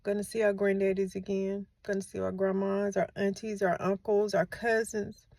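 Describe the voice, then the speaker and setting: A woman in her forties, a grieving mother who hosts a channel, speaks softly and with emotion in a heartfelt faith-based vlog, tearful from crying and repeating phrases to comfort her listeners. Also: mid-range voice, level tone, moderate pace, dry recording. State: tearful, has been crying.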